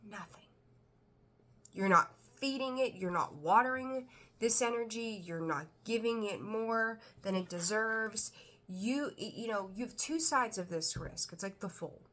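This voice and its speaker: A woman's voice: mid-range voice, unhurried, fairly bright tone. A woman giving a casual tarot reading, talking bluntly and chattily, swearing now and then. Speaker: tarot reader.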